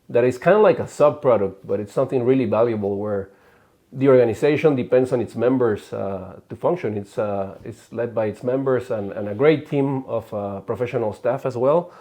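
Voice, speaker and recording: Mellow-voiced male podcast host. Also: medium pitch. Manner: measured, sums up before asking. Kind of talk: interview questions.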